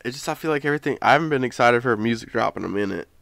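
A man's voice: medium pitch, animated, rapid-fire, creaky, a bit bright, dry recording. A young man co-hosting a podcast, bantering playfully with swearing and laughter. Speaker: podcast co-host. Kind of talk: casual chat.

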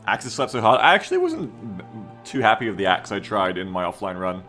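A man chats his way through a live game stream, reading viewer comments aloud and second-guessing himself. His voice sits a little low but sounds bright and forward. Soft game music plays faintly behind him. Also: sing-song, brisk. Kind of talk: casual live-stream commentary while gaming.

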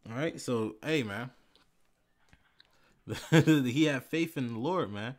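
A man giving a casual bible lesson, reading verses slowly and with emphasis, tagging phrases with "man" and "all right". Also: medium pitch. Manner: reads scripture slowly and loudly, fillers like "man" and "all right". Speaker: bible teacher.

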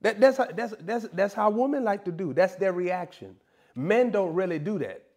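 A man's voice: high voice, lively intonation, normal speed, darkish tone. A man preaching a sermon in a comedic, playful way, teasing and mock-scolding his listeners.

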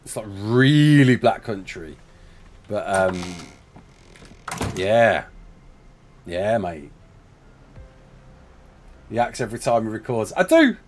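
A man's voice: on the low side, very animated, takes it slowly, pauses often, slight background noise. A young man, from England, streaming a game live, chatting, joking and laughing while reading chat aloud.

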